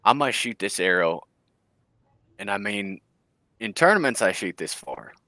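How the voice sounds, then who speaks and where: A man, telling hunting stories in a casual, animated chat, laughing and acting out quotes. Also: fairly low pitch, a little slow, dry recording. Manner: animated, laughing storyteller who acts out quotes. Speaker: bowhunter guest.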